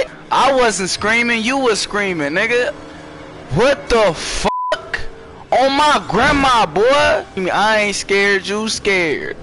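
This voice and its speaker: A young man giving profane, excitable horror gameplay commentary, jumping into screams and then downplaying it. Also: high-pitched, measured pace. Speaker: gaming streamer.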